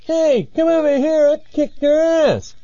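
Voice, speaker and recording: A man voicing a brash, cocky tough guy shouting taunts, with a dull lo-fi radio sound. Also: very high-pitched, a little slow, pitched above the performer's own voice. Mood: taunting.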